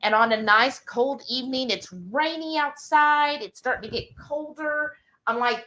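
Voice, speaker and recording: Woman, cooking live-stream host, high-pitched, chatty, rambling, excited, casual. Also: normal speed.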